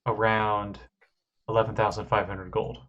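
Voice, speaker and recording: Low-voiced man running a tabletop game. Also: level tone, normal speed, a bit bright, highs cut off. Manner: hesitant, lots of ums and restarts. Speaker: game master.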